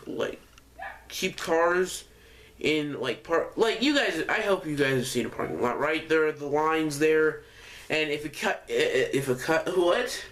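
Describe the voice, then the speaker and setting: A man's voice: fairly high pitch, a bit bright. A young man telling a casual storytime, rambling and correcting himself often with lots of fillers. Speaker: vlogger.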